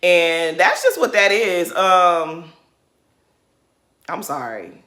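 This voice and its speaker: A woman talking close to the mic in a bright, forceful voice. She rants bluntly and sassily, breaking into laughter as she goes. It is casual reaction commentary. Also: lowish voice, sing-song, drawn-out words. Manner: blunt, sassy, laughs while ranting. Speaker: reality TV commentator.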